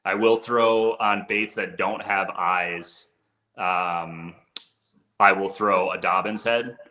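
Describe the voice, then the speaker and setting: A man's voice: low voice, fairly even intonation, slow, bright, forceful tone, roomy sound. A man who works as a fishing guide, talking gear in a laid-back way, saying "dude" and "bro". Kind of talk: casual gear talk.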